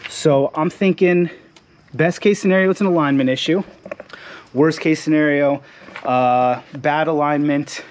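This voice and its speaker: A man's voice: fairly high pitch, a little slow. Chatty man explaining car repair. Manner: relaxed, chatty, joking asides with fillers. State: slightly out of breath. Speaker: garage channel host. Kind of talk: casual how-to explainer. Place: home garage.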